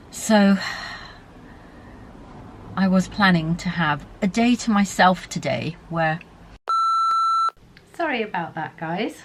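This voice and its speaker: A woman's voice: fairly low pitch, a little slow, slight background noise. A woman talking casually to camera as a beauty vlogger, chatty and rambling, often correcting herself mid-sentence. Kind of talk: casual vlog chat to camera.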